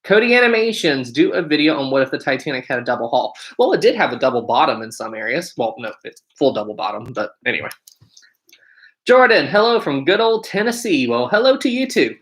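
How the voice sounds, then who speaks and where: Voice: medium pitch, sing-song, a little fast. An upbeat American livestream host chatting casually and greeting viewers one by one while reading comments aloud on a home setup. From United States.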